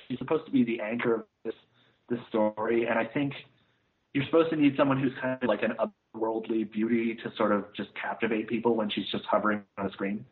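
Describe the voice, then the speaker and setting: A man co-hosting a casual podcast, giving a rambling, scathing film review full of "uh" and "like". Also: medium pitch. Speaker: podcast co-host reviewing films. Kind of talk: casual chat. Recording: tinny phone-like line.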